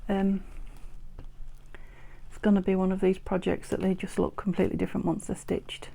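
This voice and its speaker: Chatty woman with a gravelly low-toned voice. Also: completely flat delivery, normal speed, dark tone, poor audio. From United Kingdom. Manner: chatty, often drops to a whisper. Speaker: crafting channel host. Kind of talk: casual crafting chat. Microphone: clip-on mic with wire.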